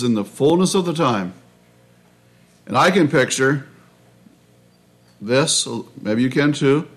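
A man preaching a sermon in a measured, reflective way, often restarting his phrases. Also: medium pitch. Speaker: pastor.

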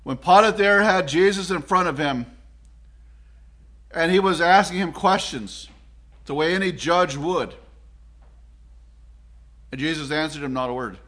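A man's voice: fairly high pitch, measured pace, long pauses, a bit bright. A Canadian man preaching a sermon in an earnest, reflective way, with frequent restarts and fillers.

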